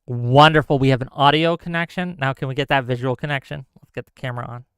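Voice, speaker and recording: A man's voice: mid-range voice, steady tone, quick pace, smooth, no room sound, studio quality. A man hosting a live call-in show, heated and argumentative, ranting at length.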